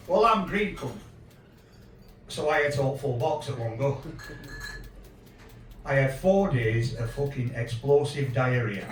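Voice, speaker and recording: A man in his fifties with a Yorkshire accent, doing a sweary, deadpan stand-up set in a small pub room. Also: a little high, echoey room, recorded from a distance, poor audio. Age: 50s. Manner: crude, swearing, deadpan storytelling. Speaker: stand-up comedian. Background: audience laughter.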